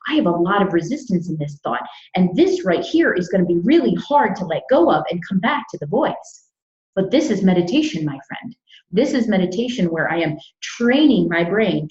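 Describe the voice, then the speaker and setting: A woman's voice: lowish voice, darkish tone. A woman teaching meditation in a live talk, emphatic and repeating her key phrases over a video call. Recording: echoey, dull lo-fi sound.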